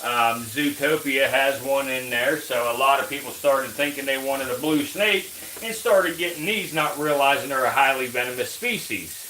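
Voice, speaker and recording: A man hosting a live reptile stream, coaxing snakes in low murmurs and then explaining to viewers. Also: moderate pace, bright, forceful tone. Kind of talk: casual live-stream talk while feeding snakes. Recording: roomy echo, faint background noise.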